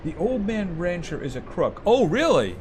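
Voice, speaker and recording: A man's voice: high-pitched, big pitch swings, normal speed, darkish tone, a little hiss or hum. A man streaming a farming game live, chatting casually with his viewers as he plays. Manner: chatty, talks to game animals and reads chat aloud.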